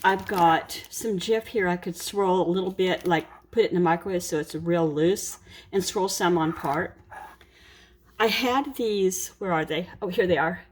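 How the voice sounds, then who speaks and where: A woman's voice: lowish voice, measured pace, roomy sound, slight background noise. A woman vlogger chatting casually while cooking at home, wandering through a story and circling back with "anyway". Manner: rambling storyteller, keeps saying "anyway". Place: home kitchen.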